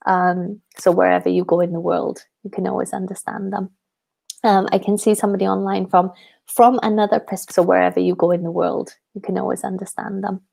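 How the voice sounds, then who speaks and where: This channel host, a young Welsh English teacher, has a medium-pitched voice that is gravelly, a little mellow, and breathy at the edges. She chats easily with her viewers in a live question-and-answer session, often saying um and laughing softly.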